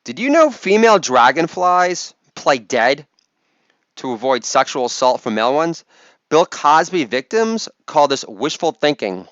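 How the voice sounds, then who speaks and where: A man doing a stand-up comedy routine on stage, delivering crude rapid-fire one-liners and mock hype calls to the crowd. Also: on the high side, sing-song, fairly bright tone, no room sound, highs cut off.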